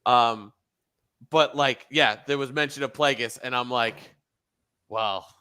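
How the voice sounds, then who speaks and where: Male podcast co-host, bright, smooth voice, loose and rambling. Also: medium pitch, a little slow. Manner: rambling, laughs often. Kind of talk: casual chat.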